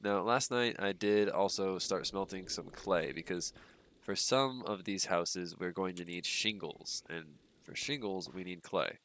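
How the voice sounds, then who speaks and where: A man's voice: low-pitched, measured pace, slight background noise. A young man with a stuffy nose, rambling casually with lots of ums while he streams a game. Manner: relaxed, rambling, frequent ums and uhs. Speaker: gaming streamer. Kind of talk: casual livestream commentary while playing.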